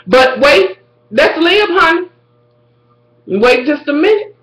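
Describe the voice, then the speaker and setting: A woman casually recapping a TV episode for her viewers, animated and profane, talking straight to them. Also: extremely high pitch, a little slow, reverberant, rough recording.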